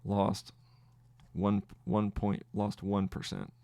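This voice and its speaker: A man hosting a trading podcast, thinking aloud through his trades in live commentary, halting and restarting as he counts wins and losses. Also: fairly low pitch, completely flat delivery, dark tone, no room sound.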